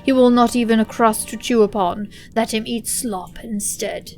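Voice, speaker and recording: A woman's voice: fairly high pitch, steady tone, moderate pace, creaky, faint music behind. Woman voicing a furious, commanding old wizard lord. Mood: stern. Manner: loud, commanding, menacing.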